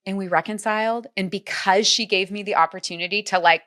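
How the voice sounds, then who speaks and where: A woman's voice: medium pitch, steady tone, fairly quick, hardly any pauses, fairly bright tone. A woman guest on a podcast, telling a personal story earnestly and peppering it with "like.". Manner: earnest, heavy use of "like" as filler. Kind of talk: storytelling in conversation.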